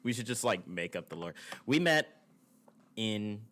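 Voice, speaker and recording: A man's voice: lowish voice, lively intonation, unhurried, fairly bright tone, slight background noise. A young man in his twenties, co-hosting a podcast in casual, profane, laughing banter. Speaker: podcast co-host.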